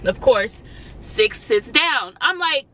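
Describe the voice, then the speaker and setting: A woman's voice: on the high side, slow pace, slight background noise, low-quality recording. A young woman vlogger in a slangy style, animatedly telling a storytime and acting out what people said. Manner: animated, slangy, acts out quotes. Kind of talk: storytime vlog.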